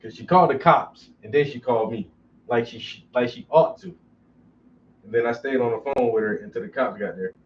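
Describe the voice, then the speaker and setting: A man's voice: medium pitch, fairly quick. A man telling profane, joking stories casually while he paints. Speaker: painter streaming while working. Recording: distant, dull lo-fi with faint noise.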